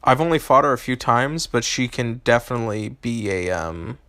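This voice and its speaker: A man's voice: medium pitch, animated, normal speed, pushed and bright, no echo. Man casually chatting with stream viewers. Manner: hesitant, many ums and restarts. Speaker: game streamer answering chat. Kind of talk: casual live-stream chat.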